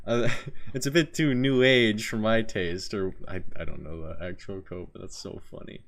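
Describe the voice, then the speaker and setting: A man with a lowish, gravelly voice streams a game live at normal speed, chatting casually and getting excitable as he jokes and reacts to his viewers' chat.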